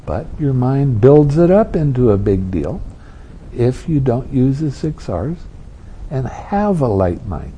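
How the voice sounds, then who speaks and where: A man giving a meditation talk, gentle and amused, who acts out his students' complaints. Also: mid-range voice, very animated, slow, slight background noise, low-quality recording. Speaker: meditation teacher. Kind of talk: dharma talk.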